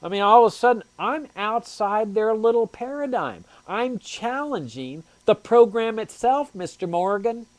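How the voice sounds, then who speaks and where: A man's voice: high voice, lively intonation, unhurried, few pauses, no room sound. A man hosting a political talk show, delivering a sarcastic commentary monologue. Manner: sarcastic, mocking opponents in exaggerated voices.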